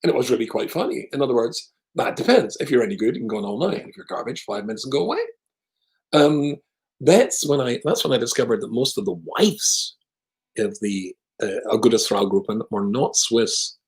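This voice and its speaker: A rabbi telling a humorous story with wry, self-deprecating jokes. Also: male voice, medium pitch, animated, a little fast, a little mellow, poor audio. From Scotland. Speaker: rabbi, guest speaker.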